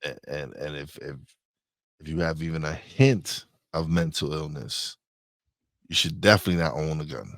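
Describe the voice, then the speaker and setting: A man's voice: rumbling low, normal speed, vocal fry, fairly bright tone, dry recording, clean studio sound. A man co-hosting a podcast in casual chat, talking bluntly and emphatically in slang and often repeating himself. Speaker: podcast co-host.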